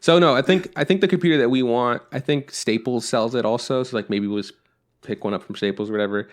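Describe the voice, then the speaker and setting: A man's voice: medium pitch, quick pace. A man co-hosting a podcast, telling a story in casual chat, acting out both sides of a phone call and swearing often. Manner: frequent swearing, exasperated. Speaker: podcast co-host.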